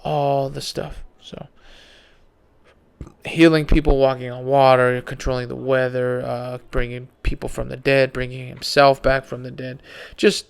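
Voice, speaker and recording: A man's voice: mid-range voice, flat delivery, measured pace, vocal fry, clear, resonant tone. A tired man hosting a podcast alone, rambling in casual slang about conspiracy theories, yawning as he talks. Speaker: podcast host.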